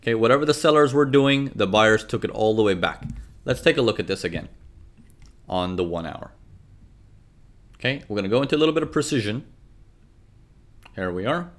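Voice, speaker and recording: A man's voice: fairly low pitch, fairly quick, long pauses. A man teaching trading over charts, talking animatedly, checking in often with "okay" and "right". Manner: animated, frequent "okay" and "right", acts out traders' thoughts. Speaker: trading instructor. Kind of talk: live chart lesson.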